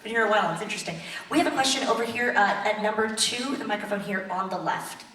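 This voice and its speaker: A woman moderating a convention panel's audience questions, upbeat and brisk. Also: medium pitch. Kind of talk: hosting audience Q&A. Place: large convention hall. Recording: echoey hall, far from mic, loud crowd and noise.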